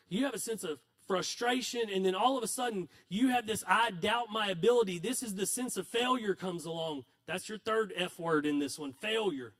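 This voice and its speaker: A man's voice: high-pitched, a bit bright. A male pastor preaching a sermon in a conversational, self-deprecating storytelling manner.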